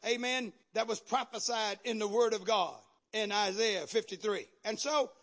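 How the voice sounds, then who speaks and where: A male pastor preaching a sermon with fiery energy, shouting at the peaks and dropping in repeated amens. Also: high voice, moderate pace.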